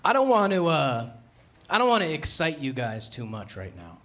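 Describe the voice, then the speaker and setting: A young man from New Jersey with a Jersey accent, doing a brash, self-mocking stand-up set and punching out loud acted-out quotes. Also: fairly high pitch, huge pitch swings, moderate pace. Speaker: stand-up comedian. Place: comedy club stage. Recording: live room with audible crowd noise. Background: audience laughter.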